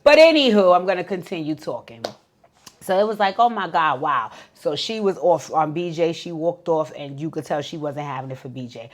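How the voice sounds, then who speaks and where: A talkative woman recapping a reality show, full of swearing and quick asides. Her voice sits a little low, and she jumps into other people's voices to act out their lines. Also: expressive. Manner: chatty, profane, acts out quotes in voices.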